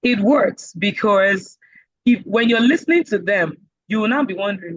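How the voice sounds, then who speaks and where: Lively Nigerian woman teaching, muffled audio. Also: mid-range voice, moderate pace, no echo. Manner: lively and joking, acts out quoted voices. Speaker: IELTS speaking instructor. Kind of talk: casual online class lecture.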